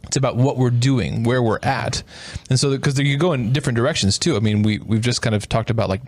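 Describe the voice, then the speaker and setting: Fast-talking thoughtful man. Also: medium pitch, dry recording. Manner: fast, thoughtful, reasoning aloud. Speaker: podcast co-host. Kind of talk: casual chat.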